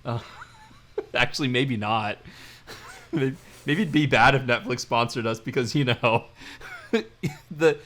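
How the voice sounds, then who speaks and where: Male podcast co-host, casual and joking, middle pitch. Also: takes it slowly, pauses often, a bit bright. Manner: chatty, joking, retells scenes. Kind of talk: casual chat reviewing a TV series.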